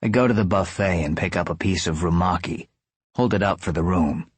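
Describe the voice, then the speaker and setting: A man's voice: low voice, fairly quick, slightly rough, no echo. A man narrating an audiobook in the first person with a dry, sardonic delivery.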